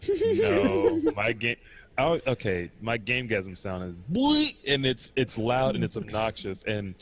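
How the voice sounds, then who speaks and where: A man co-hosting a casual gaming podcast, excitable and prone to squealing laughs. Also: medium pitch, unhurried. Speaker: podcast co-host. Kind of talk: casual chat.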